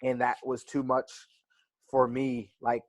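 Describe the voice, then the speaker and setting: A man's voice: medium pitch, monotone, slow, no echo. A young man, a wrestler, telling stories in a casual interview, reflective and full of fillers like "like" and "right". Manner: reflective, storytelling with many fillers. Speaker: wrestler guest.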